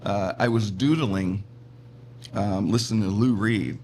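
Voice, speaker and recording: Middle-aged male guest, animated storyteller with faint background hum. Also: lowish voice, a little slow. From Pittsburgh, USA. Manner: animated, laughs often, acts out voices in his stories. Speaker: comedian and radio personality guest. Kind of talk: casual storytelling interview.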